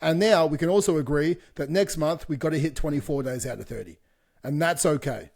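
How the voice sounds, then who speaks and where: Co-hosting a fitness podcast, this coach talks a little fast in a fairly high voice with a dark tone. He's blunt, curses without hesitation, and laughs between points as he chats casually.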